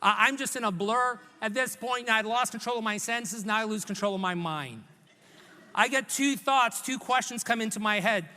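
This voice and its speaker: A man from Hawaii giving a humorous commencement speech in a large church hall, telling a story in an animated, self-mocking way and voicing his own thoughts. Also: high-pitched, normal speed. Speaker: commencement speaker. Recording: echoey recording in a large hall.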